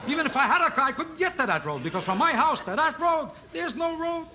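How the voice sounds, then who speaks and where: Fast, high-voiced man doing stand-up. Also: very animated. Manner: rapid, needling, heckles an audience member with rhetorical questions. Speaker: stand-up comedian. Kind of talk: stand-up routine on a TV variety show. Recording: loud noise on an old TV broadcast recording.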